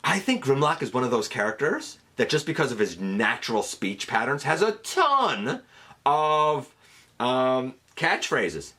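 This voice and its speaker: A man's voice: mid-range voice, pushed and bright. Male host for a fan countdown video, chatty and upbeat, voice that swings widely up and down, casual with plenty of fillers. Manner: chatty and enthusiastic, with fillers and restarts. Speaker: host counting down a top ten list. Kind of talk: casual fan commentary to camera.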